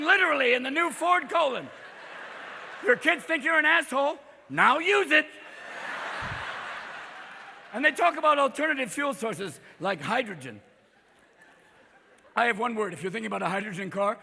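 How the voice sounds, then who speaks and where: A man doing a stand-up comedy set, talking in a manic, rapid-fire way and jumping into shouted character voices in front of a live audience. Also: very high voice, gravelly, background noise. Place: large hall with a live audience. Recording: reverberant live hall, crowd faintly behind.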